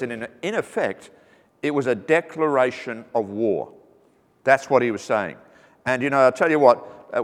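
A man preaching a sermon, earnest and teaching, with joking asides that lighten the message. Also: mid-range voice. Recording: reverberant hall.

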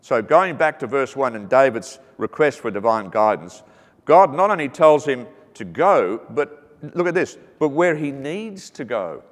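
A man's voice: medium pitch, sing-song, unhurried. A man preaching a sermon, earnest and teaching, with joking asides that lighten the message. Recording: reverberant hall.

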